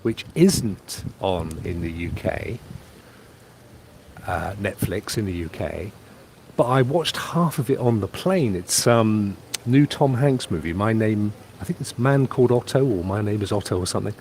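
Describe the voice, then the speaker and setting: A man's voice: fairly low pitch, measured pace, a little mellow, a little hiss or hum. A man from England chatting casually on a live stream from a holiday pool, reading out viewer comments and rambling about his trip. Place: outdoors by a private pool on holiday.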